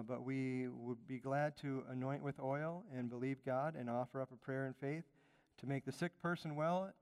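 A man's voice: a little high, darkish tone, clean tone. A man from Chicago preaching a conversational sermon as pastor, emphatic and repeating his phrases. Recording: long reverb of a hall.

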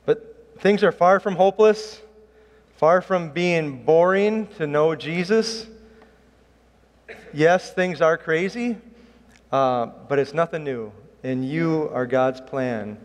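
A man's voice: on the high side, slow pace. A middle-aged man preaching a sermon as a pastor, earnest and emphatic, pushing his voice up on key points. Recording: reverberant hall.

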